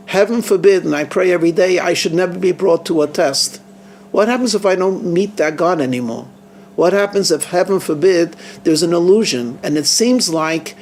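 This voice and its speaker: A rabbi with a high voice tells a story in an earnest, halting way, often repeating himself as he searches for his words. A faint hum runs under the recording the whole time. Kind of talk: storytelling sermon.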